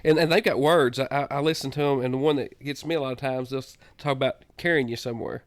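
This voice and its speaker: A man's voice: mid-range voice, steady tone, fast talker, dry recording. A man co-hosting a podcast, a chatty, good-humored storyteller in casual chat. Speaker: podcast co-host.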